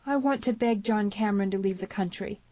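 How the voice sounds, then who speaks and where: A woman's voice: medium pitch, brisk, dark tone, dry recording, dull audio, voice pushed up, lightly acted. A woman voicing a young western heroine who pleads urgently and from the heart, in an audiobook. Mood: earnest. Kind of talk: audiobook character voice.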